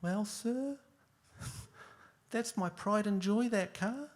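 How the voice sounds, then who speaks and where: A man puts on a sheepish young defendant, all deference and "sir" in every answer. The voice is pitched well above his own and takes on an unfamiliar, strained tone. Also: extremely slow. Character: meek, overly polite young man in the dock.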